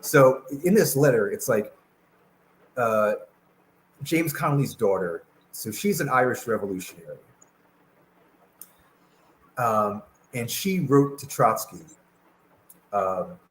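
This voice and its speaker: A man's voice: mid-range voice, expressive, slow, long pauses, poor audio. A man talking as a guest in a casual political discussion over a video call, hesitant with many fillers and restarts.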